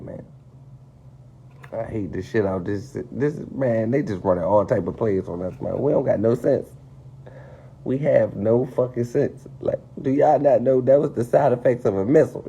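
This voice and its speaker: A man ranting casually and profanely to his viewers, spinning a conspiracy with animated, swearing delivery. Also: medium pitch, breathy edge. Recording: dull lo-fi stream audio.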